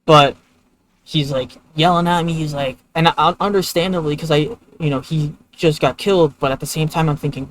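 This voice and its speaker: A man's voice: fairly high pitch, steady tone, normal speed, slight background noise, rough recording. A man streaming a video game, telling a long story in a loose, rambling way with lots of filler words. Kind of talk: casual gameplay commentary.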